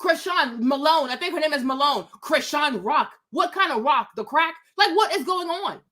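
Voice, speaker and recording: Woman, livestream host, high voice, bright tone, emphatic, repeats rhetorical questions, talking outdoors. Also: animated, moderate pace. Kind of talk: opinionated livestream commentary.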